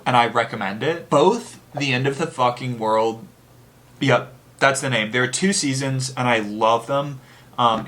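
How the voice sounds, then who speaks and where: A man's voice: mid-range voice, a bit bright. A man hosting a casual book review chat, rambling and candid, with lots of filler words and the odd swear. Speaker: book channel host.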